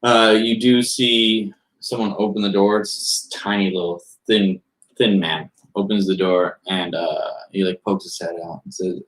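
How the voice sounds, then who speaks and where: Low-voiced young man running a tabletop game. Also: steady tone, normal speed, fairly bright tone. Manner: rambling, full of "like" fillers. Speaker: game master. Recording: roomy echo.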